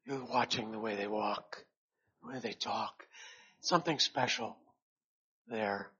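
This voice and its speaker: A male preacher delivers a sermon at a slow, unhurried pace, his voice bright and a little husky. He swells loud on key words and then sinks to near a hush. The recording is dull and lo-fi. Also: on the low side.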